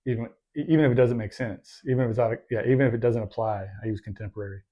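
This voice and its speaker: A man's voice: medium pitch, fairly even intonation, very fast, highs cut off. Regular guy on a podcast, medium voice, rambly, lots of likes and ums, jokes on himself. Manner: rambling, self-deprecating, many fillers and restarts. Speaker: podcast co-host. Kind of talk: casual chat.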